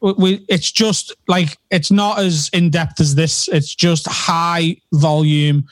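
A man joins a podcast as a comedian guest, talking bluntly and with a joke never far off. His voice sits a little high, recorded dry and close with no room sound. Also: steady tone, slow, no room sound. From Liverpool. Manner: blunt, jokey, self-promoting. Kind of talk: casual podcast chat.

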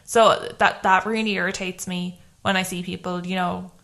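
A woman's voice: lowish voice, little pitch movement, normal speed, creaky, fairly bright tone. A young adult woman, co-hosting a podcast in a rambling, chatty way with lots of fillers. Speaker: podcast co-host. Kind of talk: casual chat.

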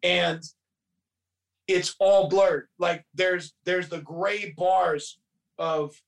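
A man's voice: high voice, steady tone, very slow, creaky, distant mic. A man casually retelling a movie plot, profane and rambling, quoting characters as he goes. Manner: profane, rambling storytelling with quoted voices. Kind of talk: casual movie recap chat.

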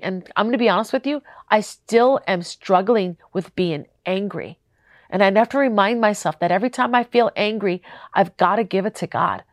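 A woman's voice: medium pitch, no echo. Tearful earnest woman, close dry sound. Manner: emotional, tearful and earnest, speaking straight to the listener. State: crying at times. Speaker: podcast host. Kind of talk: heartfelt faith podcast talk.

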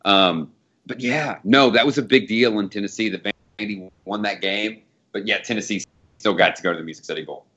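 A man with a fairly low voice talks football on a casual podcast. He rambles in an animated way, swears freely and breaks into laughs. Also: brisk, breathy edge, highs cut off. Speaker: podcast co-host. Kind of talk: casual sports chat.

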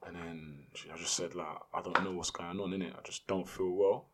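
A man, a podcast guest telling a story in casual, slangy, animated speech. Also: low-pitched, brisk, background noise.

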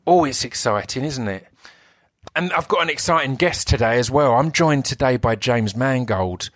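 Essex man, podcast host, eager and rambling, mid-pitched voice, dry close sound. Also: expressive, normal speed, fairly bright tone, no room sound. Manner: enthusiastic, rambling, self-interrupting. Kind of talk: solo podcast intro.

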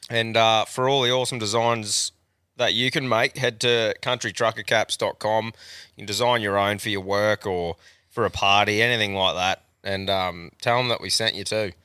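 A man's voice: on the low side, fairly even intonation, moderate pace, sharp tone, clean tone, no room sound, studio quality. A man hosting a casual podcast, laid-back, laughing often and swearing freely. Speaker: podcast host. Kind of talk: casual chat.

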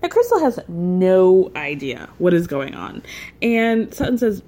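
A woman's voice: on the low side, very animated, a little slow, warm tone. A woman casually recapping with profanity, chatty and opinionated, laughing as she retells.

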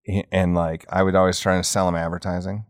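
Deep and level in tone, this podcast co-host keeps things casual, cursing freely and laughing as he tells stories. He slips into quick impressions of the people in them, captured in a dry, studio-quality recording.

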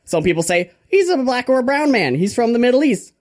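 A man's voice: very high voice, very animated, brisk, pitched above the performer's own voice. A man putting on Father Grandfather, a rambling preacher. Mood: preachy. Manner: mock-preachy, absurd sermonizing. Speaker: character from podcast RPG.

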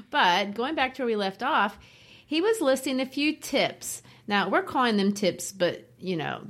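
A woman co-hosting a book podcast in a conversational discussion style, laughing easily and posing questions to her co-host. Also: medium pitch.

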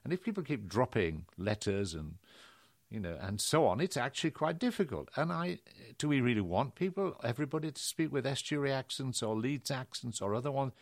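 A man hosting an interview in a brisk, opinionated way, his pitch jumping up when he presses a point. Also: animated, no room sound, clean studio sound. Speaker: host. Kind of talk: conversational interview.

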